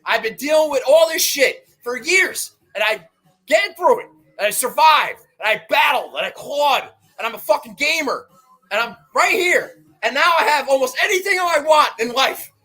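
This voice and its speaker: A man hosting a golf betting show, ranting defiantly and swearing, swinging from low muttering to shouts. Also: lively intonation, moderate pace, soft background music, rough recording. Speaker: golf betting podcast host. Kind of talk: fired-up monologue.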